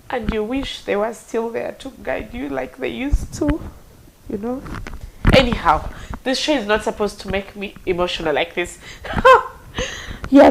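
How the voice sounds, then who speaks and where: Animated Ugandan woman hosting a talk show. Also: a little hiss or hum, rough recording. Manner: animated and heartfelt, big swings in pitch and loudness. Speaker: radio and online talk show host. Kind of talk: live talk show monologue.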